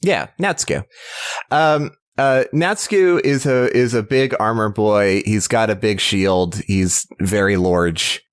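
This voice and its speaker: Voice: mid-range voice, measured pace, dry recording. A podcast co-host in casual chat, rambling and hesitant with many fillers.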